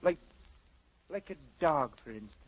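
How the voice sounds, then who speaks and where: A man's voice: a little high, animated, measured pace, music in the background. An actor playing a jolly Irish policeman turned Irish setter dog, with a lilting, hammy Irish accent in 1940s radio comedy. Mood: wistful. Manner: lilting, blarney-filled, hammy. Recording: hissy lo-fi 1940s radio broadcast.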